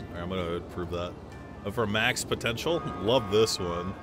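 A man's voice: low voice, normal speed, music in the background. A man livestreaming in casual chat, joking and swearing, laughing often as he talks.

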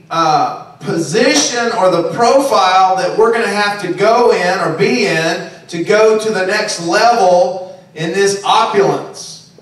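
A man's voice: high-pitched, fairly bright tone. A man preaching a sermon in a conversational style, often checking in with listeners by asking "okay?" and "right?". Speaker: pastor. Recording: very echoey, distant room recording.

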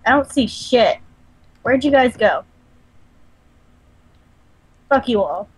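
High-voiced excitable woman gamer. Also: takes it slowly, breathy edge, poor audio. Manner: excitable, swearing, giggly. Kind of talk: casual multiplayer gaming chat.

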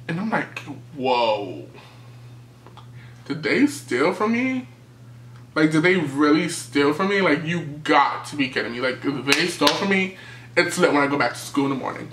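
A young man from New City, telling a storytime tale in a lively, animated way and acting out what people said. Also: fairly high pitch, roomy sound, slight background noise. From New York City. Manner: animated storytelling, acting out quotes, jumps to yelps. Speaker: vlogger. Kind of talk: storytime vlog.

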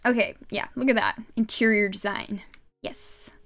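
A woman's voice: medium pitch, fairly even intonation, moderate pace, a bit bright, soft background music. A woman streamer chatting and giggling through casual gameplay commentary, talking to her viewers from a desk microphone at home. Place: home gaming setup.

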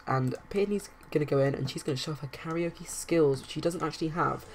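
A woman narrating her life-simulation game playthrough in rambling casual commentary, with bursts of excited outrage. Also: sits low, a little fast, few pauses. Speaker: let's play narrator.

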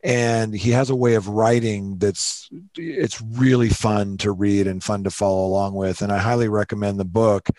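A man hosting a podcast, enthusiastic and warm, often repeating words as he starts a sentence. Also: lowish voice, moderate pace, hardly any pauses, no echo. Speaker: podcast host. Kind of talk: casual podcast chat.

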